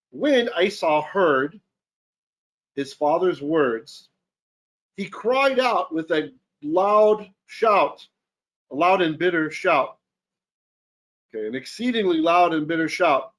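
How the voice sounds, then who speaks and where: A man's voice: on the high side, lively intonation, moderate pace. A man teaching a Torah lesson, reading Hebrew verses aloud and then translating and explaining them as he thinks them through. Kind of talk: Bible study lesson.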